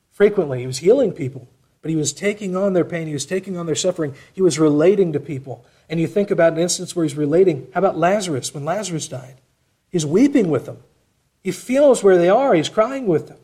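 A man preaching a sermon, reading scripture aloud and explaining it with expressive shifts in loudness. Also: high voice, husky.

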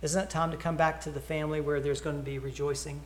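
A preacher talks earnestly to his congregation, stumbling over repeated words as he tells a story. His voice sits a little high for a man. The sound rings in an echoey church. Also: flat delivery, fast, a little hiss or hum. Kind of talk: sermon invitation.

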